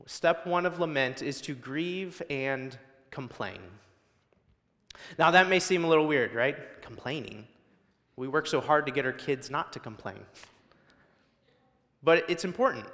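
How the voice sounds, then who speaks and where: A man's voice: fairly high pitch, fairly bright tone, in a large hall. A male guest preacher delivering a sermon in a church, building emphasis through repetition. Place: church sanctuary.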